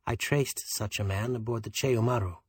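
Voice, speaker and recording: Toneless island detective, low and subdued, voice a bit husky, read by a male narrator. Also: a little fast, dry recording. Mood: measured. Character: calm, quietly steady small island detective.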